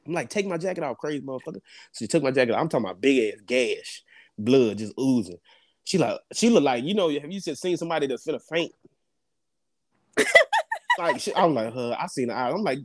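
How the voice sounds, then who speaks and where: In a dry, studio-quality recording, a young man with a medium-pitched voice tells a story at a brisk clip. He co-hosts a podcast, and the chat is casual, animated and profane, with frequent laughter and swearing.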